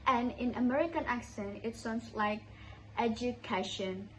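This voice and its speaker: A woman's voice: on the high side, measured pace, rough recording. A young woman with an Indonesian accent presents a class assignment, carefully repeating words as she practises them. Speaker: student.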